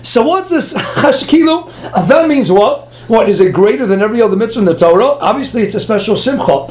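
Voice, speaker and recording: A man teaching a Talmud lesson, firing off rhetorical questions and answering them himself. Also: high voice. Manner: animated, rhetorical questions, quick asides. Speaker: Torah teacher. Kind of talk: Talmud lecture.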